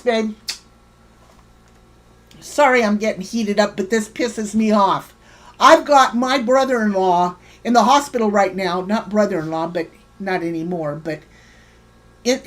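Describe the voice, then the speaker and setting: A woman hosting a livestream, ranting heatedly and swearing while greeting viewers in her chat by name. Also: medium pitch. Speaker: livestream host.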